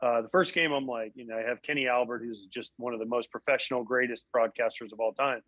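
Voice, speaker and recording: In a casual interview, a former baseball catcher turned broadcast analyst tells lively stories from his playing days, often acting out what people said. He speaks quickly at medium pitch on a low-quality recording with no room sound.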